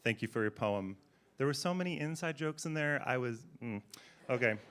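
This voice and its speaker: A man hosts a school poetry slam, filling the gaps between poets with playful, joking asides. His voice is medium-pitched but very animated, leaping up and down as he teases and introduces the next poet. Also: moderate pace, smooth. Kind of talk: emceeing a live event. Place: school event hall.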